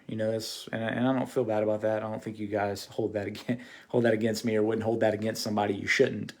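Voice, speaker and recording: A man hosting a casual livestream, talking earnestly to his viewers with many fillers and restarts. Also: lowish voice. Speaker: host of a phone-flipping channel.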